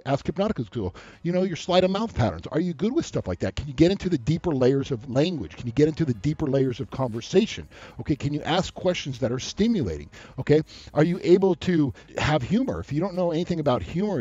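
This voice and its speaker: A man giving dating advice in a loose, rambling monologue, animated and full of asides. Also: on the high side, no echo. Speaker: dating coach. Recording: dull lo-fi sound.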